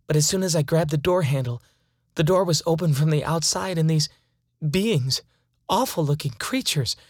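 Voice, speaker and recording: A woman's voice: lowish voice, breathy edge, dry recording, clean studio sound. A woman playing a frightened woman taken by aliens, her fearful pleading turning into angry defiance. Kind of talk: dramatized first-person account.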